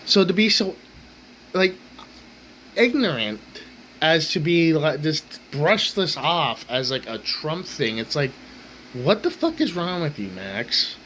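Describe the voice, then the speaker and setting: A man's voice: a little high, big pitch swings, slow, sharp tone, slight background noise, poor audio. Profane ranting man. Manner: blunt, swearing constantly. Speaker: rant channel host. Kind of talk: profane angry rant.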